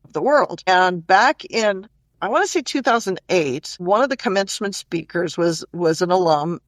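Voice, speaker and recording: A middle-aged woman as an interview guest, telling stories in an animated, chatty way, full of "you know" and "like". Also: fairly low pitch, normal speed, dry recording. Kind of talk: casual storytelling interview.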